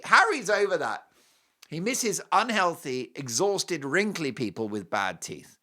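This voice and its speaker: A talk show host from Britain, middle-aged and British-accented, runs through an opinionated monologue full of mocking quips. His voice is fairly high with a sharp tone.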